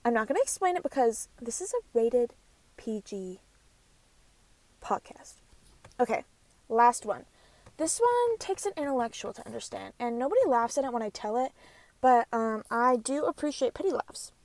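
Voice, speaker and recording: Bubbly young woman with a gravelly voice. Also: on the high side, animated, brisk, darkish tone. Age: 20s. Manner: bubbly, chatty, rambling with many fillers. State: out of breath. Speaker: podcast host. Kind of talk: casual solo podcast chat.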